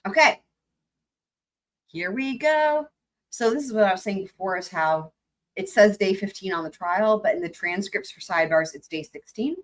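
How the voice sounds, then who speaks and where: A woman's voice: mid-range voice, expressive, normal speed, poor audio. A young woman hosting a live stream, chatting casually and giggling while she talks herself through setting up. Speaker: livestream host.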